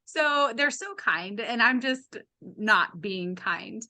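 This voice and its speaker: On the high side and taking it slowly, a woman of late thirties to forties tells a personal story as a podcast guest. Her casual storytelling is frank and funny with a wry edge, and she animatedly acts out the voices of the people involved.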